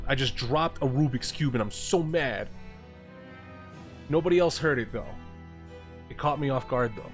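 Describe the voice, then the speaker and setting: A man's voice: medium pitch, normal speed, pauses often. Chatty man streaming a game. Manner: chatty, self-deprecating asides. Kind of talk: casual live game commentary. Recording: game music behind voice.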